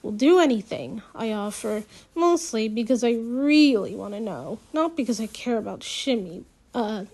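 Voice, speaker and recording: A woman narrating a first-person novel as an audiobook, reading in a slow, measured way. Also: on the high side, lively intonation, darkish tone.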